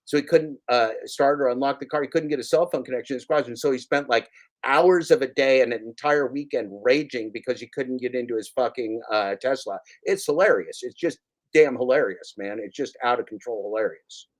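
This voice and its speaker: Casual male host, profane, rambling, excitable, mid-pitched. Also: brisk. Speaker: show host. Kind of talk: casual chat.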